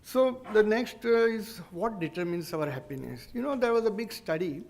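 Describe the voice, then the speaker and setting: A man with an Indian English accent, giving an earnest, explanatory public lecture as a neurologist, pausing and restarting as he goes. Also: high-pitched, lively intonation, gravelly, a little mellow, a little hiss or hum.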